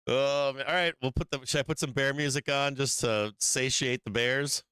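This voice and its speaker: A man's voice: medium pitch, unhurried, sharp tone, smooth, no echo, studio quality. A man hosting a live stock market stream, commenting casually on charts, laughing often, swearing and teasing his chat. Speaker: stock market livestream host.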